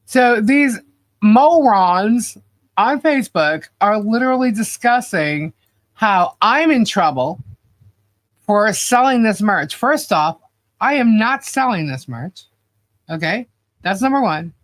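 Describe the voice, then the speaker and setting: A woman's voice: medium pitch, expressive, slow. A woman co-hosting a casual live-stream chat, exasperated and sarcastic, laughing often as she rants. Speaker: podcast co-host.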